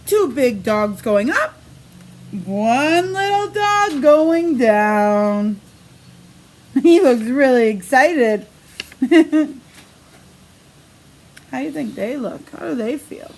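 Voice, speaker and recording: A woman preschool teacher reading a picture book aloud to young children in a sing-song storybook manner, pausing to ask the kids questions. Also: high voice, lively intonation, a little mellow.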